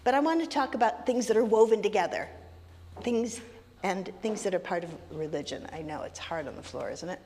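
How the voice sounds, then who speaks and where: Brisk and a little mellow, a woman's medium-pitched voice leads a children's story time in a congregation's sanctuary. The minister is playful, teasing, and sing-song with the kids. Long hall reverb and faint ambient noise fill the recording.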